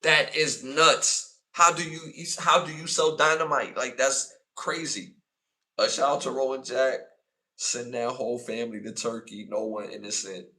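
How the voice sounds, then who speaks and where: A man's medium-pitched voice comes through at normal speed from far off the mic as he hosts a live podcast. Addressing his chat casually, he grows animated, repeats himself for emphasis, and raises his voice to act out arguments.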